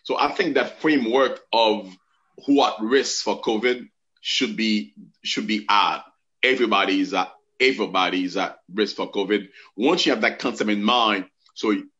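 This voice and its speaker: A middle-aged man, a physician guest on a talk show, explaining slowly with many ums and restarts. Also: on the low side, bright, forceful tone. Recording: dull lo-fi sound.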